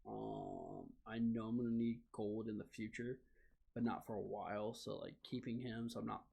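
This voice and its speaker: A man's voice: fairly low pitch, little pitch movement, normal speed, creaky, warm tone, slightly rough. A young man streaming a video game, chatting casually and rambling with lots of fillers and self-deprecating asides. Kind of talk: casual gaming livestream chat.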